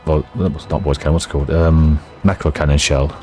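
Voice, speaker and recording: A man's voice: extremely low pitch, fairly even intonation, fast, a little mellow, faint music behind. A man hosting a game playthrough, casually reading the game's text aloud and muttering asides. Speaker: gameplay host.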